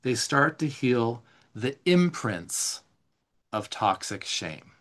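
A man leading a live somatic class, reading notes aloud and explaining them in a relaxed, conversational way, responding to viewer questions. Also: medium pitch, slow pace. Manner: reads slides aloud, then explains in casual asides. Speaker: somatic teacher. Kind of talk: live online class teaching.

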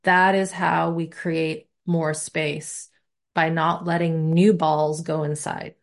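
A somatic teacher leads a body-awareness class in a relaxed, conversational way, her voice slightly low for a woman and her pace slow. She explains her ideas through everyday examples.

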